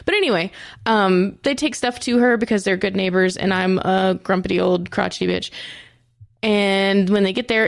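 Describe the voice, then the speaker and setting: A woman's voice: medium pitch, creaky, dry recording, studio quality. A woman co-hosting a podcast, recapping a TV episode in a chatty, profane and self-mocking way. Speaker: podcast co-host.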